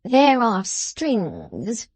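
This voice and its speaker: A woman's voice: a little high, wildly swooping pitch, a little mellow, husky, no room sound, full character voice. A woman voicing a haughty, jealous young male apprentice who speaks in a lofty, melodramatic way. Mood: haughty, menacing. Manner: lofty, melodramatic, slow and emphatic.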